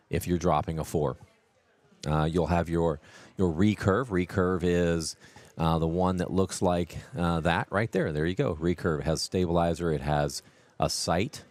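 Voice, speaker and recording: A man's voice: deep voice, darkish tone. A man hosting live commentary on a tournament, explaining things in a rambling, casual way with lots of fillers.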